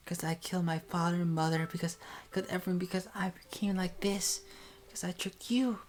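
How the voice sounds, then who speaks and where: A woman's voice: on the low side, a little slow, slight background noise, voice pushed up, natural voice. A woman doing a whispery, guilt-ridden young senpai. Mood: despairing. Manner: breathy, hushed, pleading. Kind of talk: whispered role-play.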